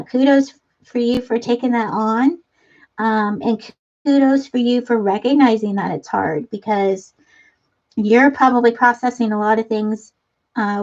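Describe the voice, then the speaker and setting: A woman's voice: fairly high pitch, a little mellow. A middle-aged woman hosting a casual craft livestream, chatting and reading viewer comments aloud with frequent laughs. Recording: dull lo-fi stream audio.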